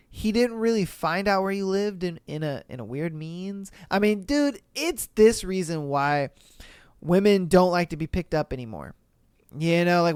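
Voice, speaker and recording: A man's voice: high-pitched, smooth, dry recording, clean studio sound. Rambling casual male podcast host. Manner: rambling, laughs often, swears casually. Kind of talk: casual reaction commentary.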